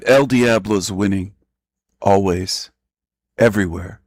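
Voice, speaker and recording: A man hosting an online radio show, boastful and taunting in a drawn-out way. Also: lowish voice, no room sound. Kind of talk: casual online radio talk.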